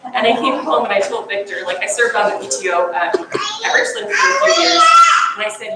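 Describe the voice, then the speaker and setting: A woman's voice: fairly high pitch, wildly swooping pitch, a little fast. A woman chairing a church meeting, talking chattily with fillers and laughs. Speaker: vestry head. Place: church hall. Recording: very echoey hall, distant mic, noisy.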